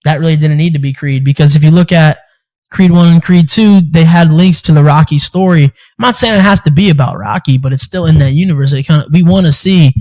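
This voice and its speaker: Young male host, slightly high voice, lively storyteller, swears casually, laughs a lot. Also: a little fast, low-quality recording. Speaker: podcast host and amateur fighter. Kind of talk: casual chat.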